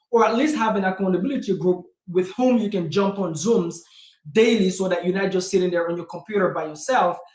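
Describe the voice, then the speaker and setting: Energetic and direct, this channel host and real estate investor gives a casual motivational vlog in a punchy, high voice, addressing his audience as "guys" again and again. The room he's in, decorated with a self-made backdrop, gives the recording an echoey, roomy quality.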